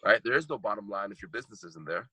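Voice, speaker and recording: A heartfelt man sharing a personal story on a podcast, earnest and prone to repeating himself for emphasis. His voice sits low and sounds husky yet forceful. The recording is dry and close. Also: animated, quick pace, no echo, poor audio. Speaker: guest speaker and coach.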